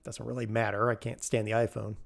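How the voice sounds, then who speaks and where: A male streamer chats casually with his live audience while gaming, rambling, laughing a lot and answering chat. His voice is on the low side and creaky, with a level tone and a fairly quick pace.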